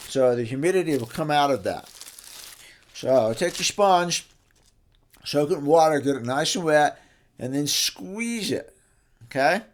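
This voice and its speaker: Folksy chatty man teaching guitar care. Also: a little high. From New Mexico, US. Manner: folksy, chatty, self-correcting. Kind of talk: casual how-to demonstration. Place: guitar workshop.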